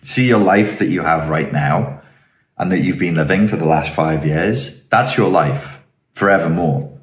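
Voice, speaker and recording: A man's voice: sits low, measured pace, echoey room. A man giving an emphatic self-help monologue, acting out other people's voices as he goes. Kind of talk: motivational monologue.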